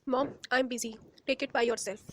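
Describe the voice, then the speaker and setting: A woman's voice: on the high side, steady tone, brisk, background noise, voice pushed down, close to an everyday voice. Woman doing a snappy spoiled stepsister. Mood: scornful. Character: spoiled, rude young stepsister.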